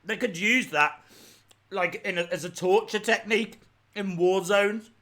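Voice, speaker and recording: A man's voice: high voice, a little slow, bright, forceful tone. A man hosting a live reaction stream, teary with a runny nose, talking in dramatic, exasperated outbursts.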